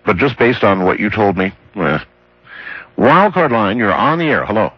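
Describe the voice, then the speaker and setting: Husky and lowish, with a sing-song lilt at normal speed, this man hosts a late-night call-in radio show. He thinks out loud with stammered restarts and dry humor; there's no room sound, though the broadcast audio is dull and lo-fi.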